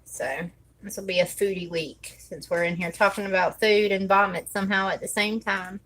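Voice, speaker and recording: A woman's voice: mid-range voice, steady tone, moderate pace, fairly bright tone, slight background noise, poor audio. A woman chatting casually while she decorates her planner, thinking aloud and counting under her breath. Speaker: planner vlogger.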